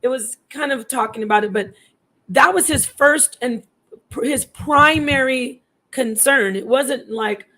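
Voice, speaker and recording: A woman's voice: high voice, a little slow, bright, forceful tone. A woman in her thirties telling a personal story in a casual, digressive way, restarting sentences and acting out what people said. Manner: chatty, digressive, restarts often, acts out quoted voices.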